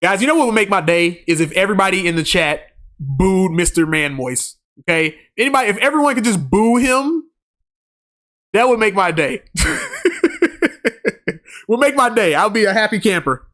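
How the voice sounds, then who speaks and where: A man's voice: sits high, animated, brisk, a bit bright. A man streaming a game live, reading chat aloud in a laid-back, slangy way and laughing often.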